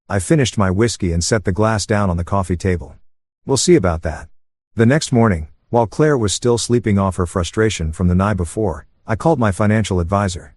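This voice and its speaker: Casting: calm male narrator, low voice, dry close recording. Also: fairly quick, dry recording. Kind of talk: story narration for sleep.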